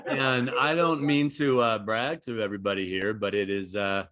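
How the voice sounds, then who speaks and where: A man's voice: lowish voice, fairly even intonation, normal speed, a bit bright. A young American man doing a stand-up routine on a virtual comedy show, rambling and self-deprecating, laughing at his own jokes. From United States.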